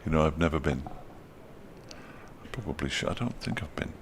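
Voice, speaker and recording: A man's voice: very deep voice, lively intonation, a little fast, a little hiss or hum. A middle-aged man giving ball-by-ball cricket commentary, with dry, wry asides between deliveries.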